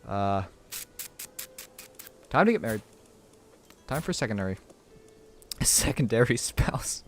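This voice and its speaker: A man giving casual live commentary while streaming a strategy game, thinking out loud and reading the game's text aloud. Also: mid-range voice, very animated, unhurried, faint music behind.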